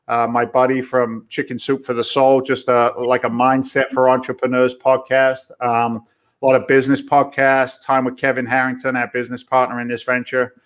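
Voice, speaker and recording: A man's voice: mid-range voice, a bit bright. A middle-aged man, a guest talking bluntly and jokingly about investing. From Boston area. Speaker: podcast guest, real estate investor. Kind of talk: casual interview talk.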